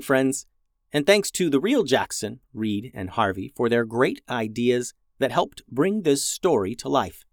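A man reading a children's adventure story in a gentle, even storytelling manner as a podcast host. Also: medium pitch, no echo, clean studio sound. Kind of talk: scripted story narration.

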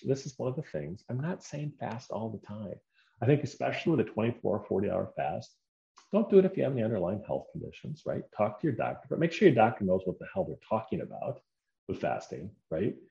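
A man talking casually in a vlog, animated and chatty, with mild swearing and self-mocking asides. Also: medium pitch, a little fast, creaky. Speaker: fitness vlogger. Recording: echoey room, dull sound.

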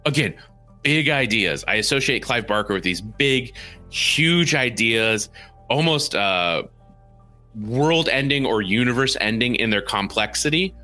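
Male podcast co-host, casual movie chat, animated and jokey, bright tone, faint music behind. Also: medium pitch, measured pace. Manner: animated, joking, slips into silly impressions.

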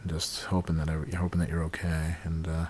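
A man voicing a lonely ex-boyfriend on a mock phone call, talking softly, low and pleading. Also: completely flat delivery, fast talker, slight background noise. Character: sappy lonely ex-boyfriend calling an old flame.

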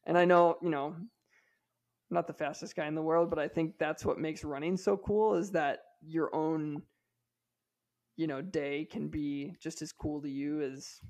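A chatty man in his thirties, a podcast co-host, tells a personal story with a slightly high, gravelly voice. He fills his talk with "like" and keeps restarting his sentences. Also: darkish tone. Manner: chatty, many fillers and restarts. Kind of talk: casual storytelling.

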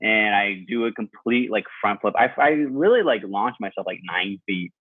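Fast-storytelling guy on a tinny earbud mic. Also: on the low side, husky, no room sound. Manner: animated, swears freely, many "like"s. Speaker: podcast guest. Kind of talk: casual storytelling chat. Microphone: AirPods on a video call.

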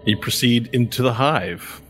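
A man's voice: mid-range voice, a little slow, a bit bright, soft background music. A man narrating a tabletop game as game master, casual and rambling.

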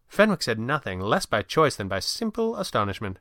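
A man narrating a novel in an even storytelling voice. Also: mid-range voice, brisk, dry recording, clean studio sound. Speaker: audiobook narrator. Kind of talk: scripted narration.

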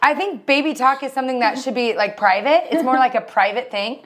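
A woman in her thirties co-hosts a relaxed podcast chat. She talks in a chatty, teasing way and is quick to laugh. Her voice sits a little higher than most women's. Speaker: podcast co-host. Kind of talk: casual chat.

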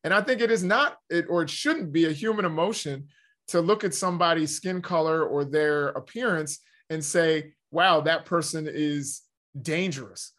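A man's voice: a little high, moderate pace, fairly bright tone. A man in casual conversation, talking in a rambling way with many restarts and "you know" fillers. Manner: rambling, self-correcting, frequent "you know".

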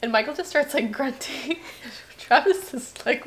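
A woman co-hosting a casual podcast, telling family stories with quick asides and frequent laughter. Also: high-pitched. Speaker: podcast co-host. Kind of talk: casual chat.

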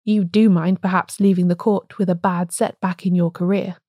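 A woman reading an audiobook, voicing a grim, fanatical male blacksmith who speaks calmly and ponderously. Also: lowish voice, normal speed, no room sound, clean studio sound, close to an everyday voice. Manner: ponderous, calm and solemn.

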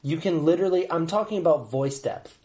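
A man's voice: on the high side, a little fast, dark tone. A man co-hosting a podcast in casual chat, often cutting in and restarting as he searches for names. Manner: talks over others, restarts and blanks on names. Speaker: podcast co-host.

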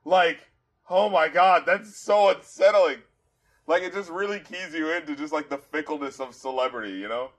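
A man hosting a casual album review podcast, animated and profane, quoting lyrics aloud and laughing often. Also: a little high, moderate pace.

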